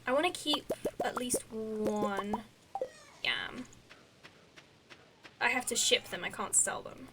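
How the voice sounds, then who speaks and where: A woman's voice: on the high side, slow pace, long pauses, very noisy. A young woman streaming a farming game, rambling casually to her chat with lots of fillers and restarts. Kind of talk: casual chat while gaming. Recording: game music behind the voice.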